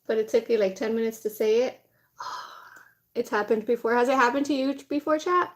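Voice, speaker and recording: A woman's voice: fairly high pitch, brisk. A young woman streaming casually from home while doing her makeup, chatty and blunt, swearing without fuss.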